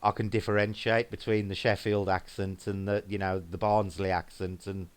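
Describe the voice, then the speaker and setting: A man's voice: sits low, little pitch movement, moderate pace, clear, resonant tone. A man with a Black Country accent, co-hosting a paranormal livestream and chatting casually, reading viewer comments aloud and rambling with frequent restarts. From English Midlands.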